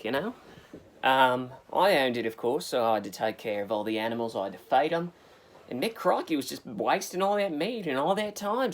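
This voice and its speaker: Rambling man in a mock interview. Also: mid-range voice. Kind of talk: comedy mockumentary interview.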